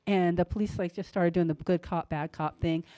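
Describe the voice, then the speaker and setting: A woman co-hosting a radio talk show tells a story casually and animatedly, saying "like" and "you know" a lot. She acts out other people's voices with big jumps in pitch, speaking at a normal speed with no room sound.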